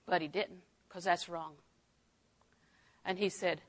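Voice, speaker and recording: An older woman teaching a Bible lesson in a folksy way, dropping to a hush and rising to exclaim. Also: fairly low pitch, steady tone, slow. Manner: folksy, swings from hushed to exclaiming.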